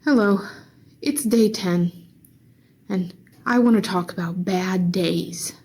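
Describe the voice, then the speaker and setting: A young woman vents in a casual vlog, tired and weary. Her words come out slowly, with sighs between them. Her voice has a slightly husky edge. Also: medium pitch, warm tone. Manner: slow, weary, sighing. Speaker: vlogger. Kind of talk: casual venting monologue.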